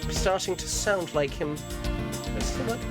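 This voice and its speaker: A woman's voice: lowish voice, normal speed. A woman streaming a game live, chatting casually and irreverently, swearing freely and reading game lines aloud. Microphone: streaming mic. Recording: game music playing behind.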